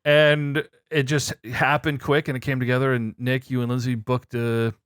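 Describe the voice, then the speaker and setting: A man hosting a casual gaming podcast, bantering loudly with friends and swearing freely. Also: medium pitch, level tone, moderate pace, smooth, no room sound, studio quality. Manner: loud, laughing, swearing banter. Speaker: podcast host.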